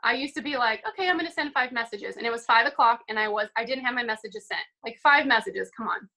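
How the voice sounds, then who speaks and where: A young woman speaks on a video call in an upbeat, chatty way, with lots of casual fillers. Her voice sits a little high and has a bright, forward ring. She talks like she's encouraging a team. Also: fast talker, rough recording. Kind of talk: casual motivational call talk.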